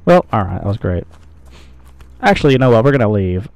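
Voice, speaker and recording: A man's voice: fairly low pitch, big pitch swings, brisk, gravelly, darkish tone, faint music behind. A man giving casual, rambling gameplay commentary, swearing and joking at himself as he plays. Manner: rambling, sweary, self-mocking. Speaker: gamer, channel host.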